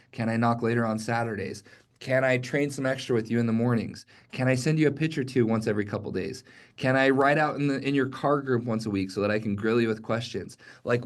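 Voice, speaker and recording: Young adult male sales coach, energetic, conversational, mid-pitched voice, talks straight to his team. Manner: energetic, conversational, direct address with frequent "okay?". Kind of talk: motivational sales training talk.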